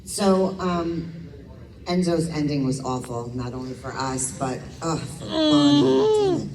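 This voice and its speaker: A woman's voice: sits low, big pitch swings, slow pace. A woman fan asking a question in a hesitant, emotional way. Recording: echoey hall, distant mic, noisy crowd.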